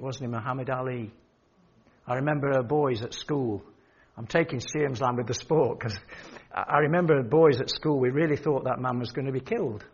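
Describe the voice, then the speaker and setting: A man's voice: medium pitch, slightly rough, muffled recording. An older man preaching an earnest, pleading sermon that rises to emphatic outbursts. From England.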